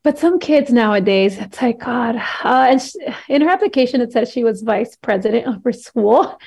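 A woman's voice: fairly high pitch, moderate pace, gravelly, husky. A woman in her thirties, a podcast guest, telling a story in casual chat and acting out what people said. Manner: animated storyteller acting out quotes, frequent laughs.

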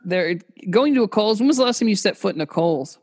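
A man with a notably high voice co-hosts a podcast in loose comedic banter. He rants in exaggerated mock outrage, piling up absurd threats. The audio comes over a remote call. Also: animated, brisk, darkish tone. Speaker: podcast co-host.

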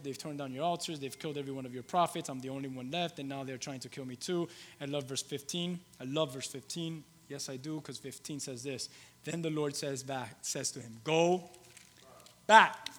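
A male pastor preaching a sermon, shifting between loud emphatic lines and soft, low storytelling, with halting restarts and repeated phrases. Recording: long hall reverb.

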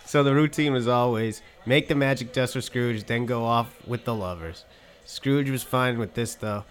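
A man's voice: medium pitch, moderate pace. A man co-hosting a casual comedy podcast, reading a story aloud and breaking into laughter often. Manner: reads with frequent laughter.

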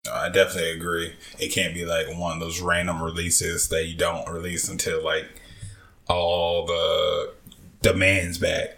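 A man from the US state of Georgia with a very low, deep voice, chatting casually on a podcast. He keeps a laid-back, agreeable manner and drops in short words of agreement. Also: monotone, moderate pace, gravelly, pushed and bright.

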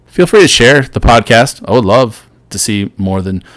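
A middle-aged man hosting a solo podcast, giving an earnest motivational talk that swings between loud and soft. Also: mid-range voice, expressive, moderate pace, dry recording. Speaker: podcast host.

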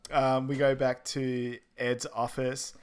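A man's voice: medium pitch, flat delivery, takes it slowly, clean tone. A man co-hosting a casual podcast, talking through a film recap in an easygoing way. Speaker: podcast co-host.

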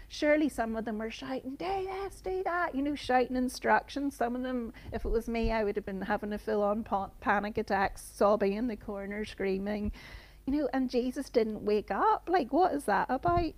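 A woman's voice: on the high side, darkish tone. A woman giving an informal sermon, reading scripture and then explaining it in an earnest, conversational way full of "you know". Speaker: preacher.

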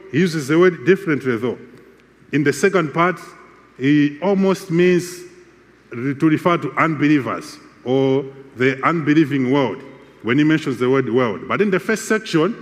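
A man preaching a sermon with a measured, emphatic delivery and repeated phrases. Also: on the high side, long reverb tail.

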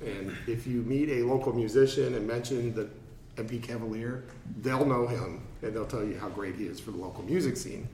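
A man's voice: mid-range voice, fairly quick, darkish tone, reverberant, far from the mic, a little hiss or hum, low-quality recording. A man hosting a casual radio chat, rambling and self-deprecating as he tells a story. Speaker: radio show host.

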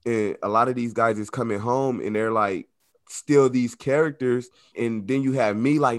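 A man speaks casually in an interview, his voice at an ordinary middle pitch. His delivery is loose and rambling, full of fillers, and he now and then breaks into acted-out quotes. The sound is close and dry, with no room echo. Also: unhurried. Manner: loose, conversational, heavy with "like" and "you know"; slips into lively acted-out quotes. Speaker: formerly incarcerated guest.

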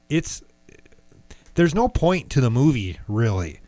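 A man's voice: medium pitch, very animated, takes it slowly, dark tone, dry recording. Laid-back laughing male podcast co-host. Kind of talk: casual group chat.

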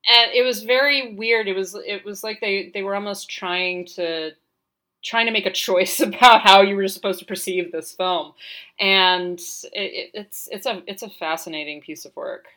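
A woman co-hosts a film podcast in a casual, animated way, often acting out reactions. Her voice is bright and sits at a middle pitch. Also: moderate pace. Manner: animated, playful, acts out reactions. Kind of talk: casual film review chat.

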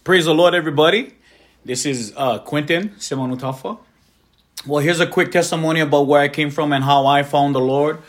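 A man's voice: fairly high pitch, fairly quick. A man tells his conversion testimony with earnest, heartfelt feeling. His voice sits a little above the usual male register, and he speaks as a working evangelist addressing a congregation. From Hawaii. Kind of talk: personal testimony.

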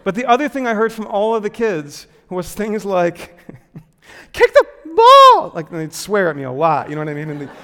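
A man giving a sermon, telling a self-deprecating personal story in a lively way with lots of filler words before turning to teaching. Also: high voice, brisk, few pauses, big-room sound. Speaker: pastor.

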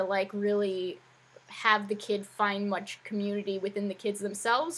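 On a low-quality recording, this podcast co-host has a mid-range, fairly bright voice with a breathy edge. An educator by trade, she chats casually and rambles, dropping "like" again and again.

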